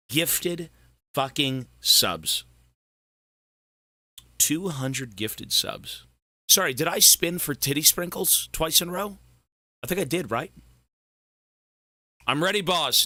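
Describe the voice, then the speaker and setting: A man with a hoarse, worn-out voice chatting casually with viewers on a gaming live stream, loose and swearing. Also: fairly high pitch, sharp tone, no room sound. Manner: slow, loose, swearing banter. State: hoarse, sore throat. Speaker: gaming livestreamer.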